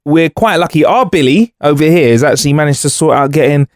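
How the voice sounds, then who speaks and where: A man co-hosting a podcast, bantering in a jokey, lively way. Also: fairly high pitch, fast talker, no echo, studio quality. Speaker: podcast co-host. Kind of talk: casual chat.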